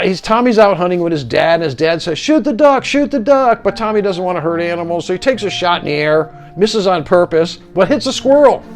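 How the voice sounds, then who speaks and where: Male reviewer with a higher voice, blunt and meandering; faint music underneath. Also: gravelly. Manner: blunt and rambling, with many fillers and restarts. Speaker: movie reviewer. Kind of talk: casual spoken review.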